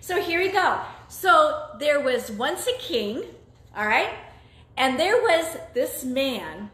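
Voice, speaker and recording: A woman's voice: high-pitched, big pitch swings, takes it slowly, a bit bright. A woman co-hosting a children's church lesson, telling the story in an encouraging way. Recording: echoey room, phone camera.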